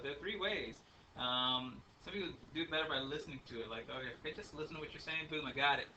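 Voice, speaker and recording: Rambling male teacher, bright voice. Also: fairly high pitch. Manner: chatty, rambling, many ums and uhs. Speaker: math teacher. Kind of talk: classroom lecture. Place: classroom. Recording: faint room noise, speaker a bit far from the mic.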